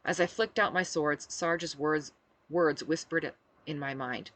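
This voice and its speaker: A woman author reading her own novel aloud with expressive, animated narration. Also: sits low, slow pace, no echo.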